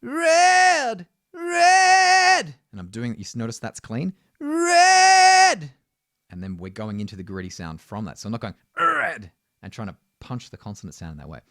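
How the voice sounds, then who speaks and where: A man's voice: low voice, darkish tone, no room sound, studio quality. A man teaching singing, explaining technique and often checking in with "right?". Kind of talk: vocal lesson.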